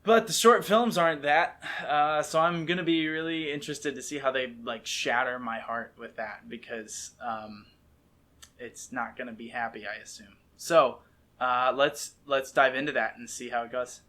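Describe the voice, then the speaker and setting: A man's voice: mid-range voice, moderate pace, sharp tone. A man with a Midwestern American accent from Ohio, hosting a casual reaction video, rambling enthusiastically and often interrupting himself. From Ohio, USA. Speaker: reaction video host, actor and filmmaker.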